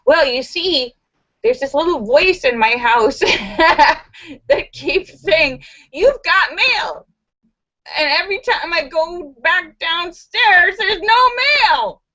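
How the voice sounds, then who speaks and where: Casting: whiny, exasperated ditzy gal played by a woman, high and slow, lo-fi audio. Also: expressive, pushed and bright, heavily acted. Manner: slow, drawn-out, whiny complaining.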